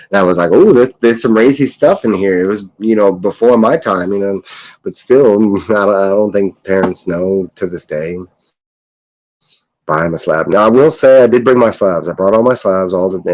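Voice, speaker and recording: A young man with a low, deep voice talks casually about comics. He rambles and swears, breaks into laughs, and jumps way up in pitch when he mimics other people. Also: a little mellow, low-quality recording. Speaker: comic collector vlogger. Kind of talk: casual chat.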